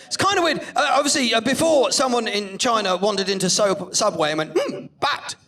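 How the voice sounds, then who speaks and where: A man's voice: high voice, fairly quick, fairly bright tone, far from the mic. A middle-aged British man doing a sweary, mocking stand-up rant in a comedy club. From Britain. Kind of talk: live stand-up set.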